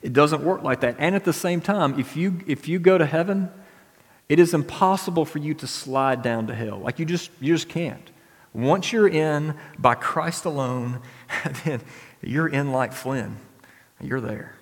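A man's voice: fairly high pitch, a little slow, long reverb tail. A man preaching a sermon as pastor, talking casually with frequent restarts and filler words.

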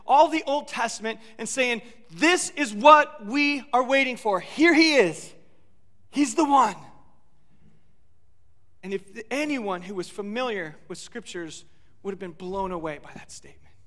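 A man preaching a sermon as pastor, animated, acting out quoted lines and asking the listeners rhetorical questions. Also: extremely high pitch, long reverb tail.

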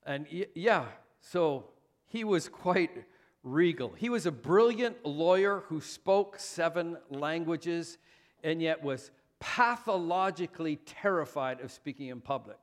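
A man's voice: a little high, animated, unhurried. A man preaching a sermon as pastor, conversational and self-deprecating, with frequent fillers.

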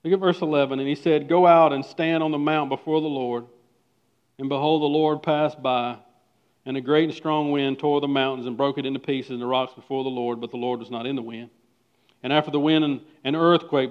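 A man with a somewhat high voice preaches a sermon to his congregation. He moves from loud, emphatic lines to hushed, quiet ones. The recording sounds dull and lo-fi. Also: clean tone. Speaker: pastor.

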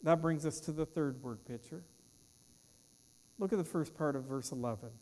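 A man's voice: on the high side, normal speed, darkish tone, long reverb tail. A man preaching a sermon as pastor, with an emphatic cadence that trails off at the ends of phrases. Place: church.

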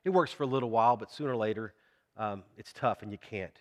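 A pastor delivers a sermon in a church, speaking conversationally and putting questions to the congregation. His voice is on the low side and fast, and it carries a big-room sound.

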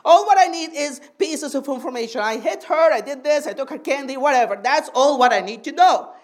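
High-voiced woman preaching a sermon. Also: lively intonation. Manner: teaching tone, keeps asking the crowd for "amen"; draws out key phrases slowly for emphasis.

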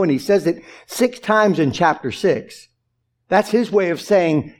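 A man with a high voice delivers a sermon as a pastor. He talks in a loose, conversational way and keeps asking his listeners rhetorical questions. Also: expressive, moderate pace. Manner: conversational preaching with frequent "like" asides and rhetorical questions.

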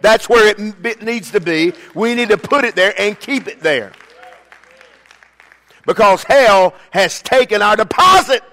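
Older male pastor, high-pitched, preaching in a reverberant church sanctuary; dynamic delivery from quiet asides to loud emphasis. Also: animated, measured pace, a faint crowd. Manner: preaching with call-and-response, swinging between loud emphatic bursts and quiet asides. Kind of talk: sermon. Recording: long reverb of a church hall.

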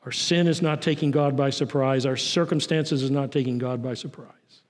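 A man preaching a sermon as pastor, swinging from raised, urgent lines to low, quiet ones. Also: fairly even intonation, moderate pace, in a large hall. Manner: preaching with rising and falling intensity, dropping low and soft on key lines.

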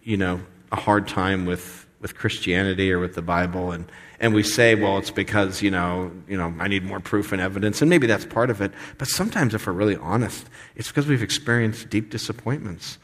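A man in his forties preaching a sermon in a conversational, animated way. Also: deep voice, normal speed, in a large hall. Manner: conversational, animated, acts out voices. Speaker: pastor.

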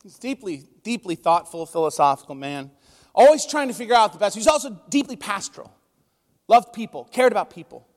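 High-voiced man preaching in a reverberant hall. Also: big pitch swings, brisk. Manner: conversational, emotional storytelling. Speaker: pastor. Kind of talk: sermon. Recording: long reverb of a large hall.

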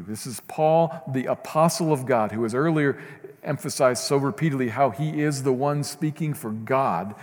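A man's voice: mid-range voice, normal speed. A man preaching a sermon as pastor, earnest and building to fervent emphasis. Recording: long reverb of a church hall.

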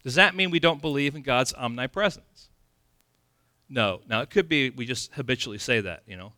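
Bright-voiced animated male preacher. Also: mid-range voice, normal speed, dry recording, studio quality. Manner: animated, conversational preaching with sound effects. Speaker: pastor. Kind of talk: sermon.

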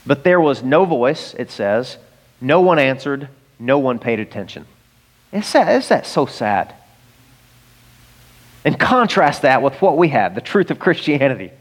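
A man preaching in a church hall, his voice trailing off into a long reverb. He retells scripture with animated, humorous storytelling and acts out the people in the story. His pitch sits mid-range for a man. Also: a little slow. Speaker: pastor. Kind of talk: sermon.

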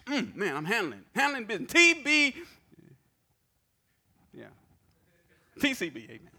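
Male pastor, animated storyteller, bright forceful voice, slightly high. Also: moderate pace, creaky, pauses often. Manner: animated storytelling with personal anecdotes; conversational, repeats words and asks "right?". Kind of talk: sermon.

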